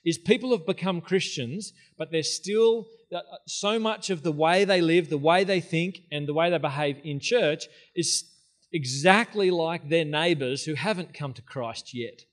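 A man preaching in a church with a slightly higher voice than most men. He keeps it casual and conversational, dropping in jokes and asides as he teaches. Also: a little slow. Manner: casual, joking, conversational preaching with filler words. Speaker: pastor. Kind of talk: sermon. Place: church hall.

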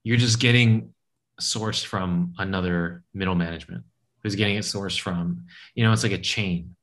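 A man with a fairly low voice chats casually as a co-host. He tells rambling stories and acts out each quoted voice, with big jumps up in pitch. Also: fairly even intonation, moderate pace, fairly bright tone. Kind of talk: casual chat.

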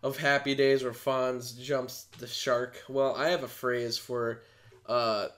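A man's voice: mid-range voice, flat delivery, slow, fairly bright tone. A young man co-hosting a podcast, chatting casually about films, talkative and laughing often. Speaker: podcast co-host. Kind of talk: casual movie chat.

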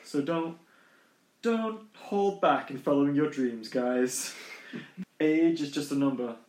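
Young male podcast co-host, upbeat and jokey, a bit high, echoey room. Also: slow, a little mellow. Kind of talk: casual podcast chat.

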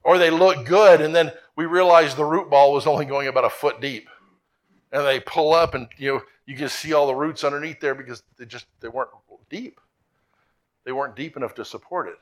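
A male pastor with a fairly high voice preaches a sermon at a moderate pace. He is earnest and repeats himself, building to emphatic peaks.

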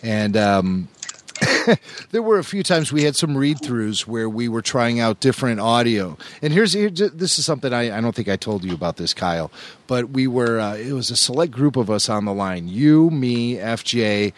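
A man's voice: mid-range voice, normal speed. A man co-hosting a podcast, telling stories in a casual chat and laughing often. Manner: animated storytelling, laughs often.

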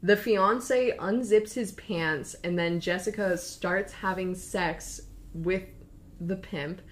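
A young woman casually retelling a story in a chatty, animated way, acting out the quotes. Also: on the low side, slow.

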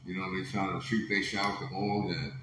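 Laid-back low-voiced man in echoey room. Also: little pitch movement, a little fast, bright, forceful tone. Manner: laid-back, laughing, conversational. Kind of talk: casual chat. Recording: very echoey room with faint noise.

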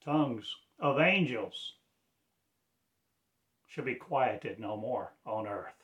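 Man, self-appointed preacher, very slow delivery, rambling pleading sermon. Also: medium pitch, lively intonation, fairly bright tone. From Arkansas, USA. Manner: slow, pleading, loosely strung phrases. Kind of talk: rambling religious address.

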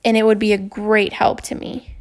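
A woman voicing a gentle, patient female school counselor who speaks softly and reassuringly. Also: mid-range voice, level tone, moderate pace, lightly acted. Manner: soft, reassuring.

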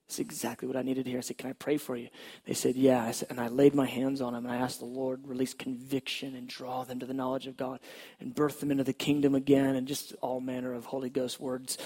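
Gravelly husky man telling a story. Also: medium pitch, level tone, quick pace. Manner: conversational storytelling, drops to hushed tones at tender moments. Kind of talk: testimony story.

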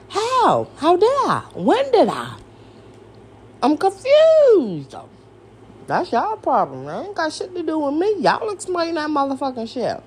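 A woman's voice: high-pitched, darkish tone, slight background noise. A woman hosting a podcast, ranting in a casual, exasperated, profane way and firing off rhetorical questions. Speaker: podcast host. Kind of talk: casual rant.

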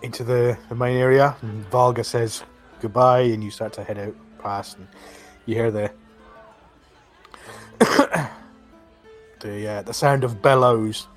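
A man's voice: mid-range voice, fairly even intonation, slow, long pauses, faint music behind. A man narrating a tabletop fantasy game as game master, rambling and full of fillers.

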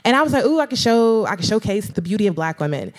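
A woman's voice: mid-range voice, quick pace. A young woman, a guest speaker, telling her story in a casual, slangy way and acting out quoted voices, at a live stage event. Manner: animated, quotes herself and others in lively put-on voices; casual, slangy speech with frequent "like" and "girl".

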